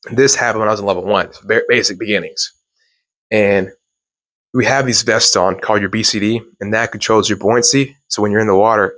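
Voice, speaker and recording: Young man, low voice, rambling casual storyteller, dry close sound. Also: fairly bright tone, no echo. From Louisiana, US. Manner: rambling storytelling with restarts and laughs. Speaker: self-improvement host. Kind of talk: casual motivational talk.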